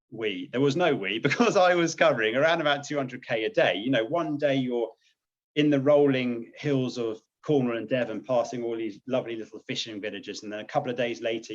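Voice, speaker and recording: A man's voice: mid-range voice, highs cut off. A British man, a naval officer, chatting casually and upbeat in an interview, laughing often. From Britain. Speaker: guest, naval officer and charity cyclist.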